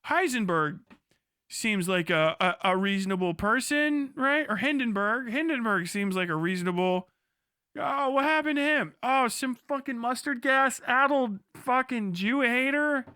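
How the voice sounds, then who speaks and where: High, profane, incredulous man. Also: lively intonation, a little slow, sharp tone, clear, resonant tone, no echo, clean studio sound. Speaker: livestreamer. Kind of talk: crude reaction commentary.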